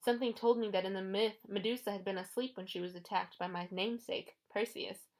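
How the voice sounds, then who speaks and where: A woman reading a first-person adventure audiobook in a steady storytelling voice. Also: medium pitch, fairly quick. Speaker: audiobook narrator.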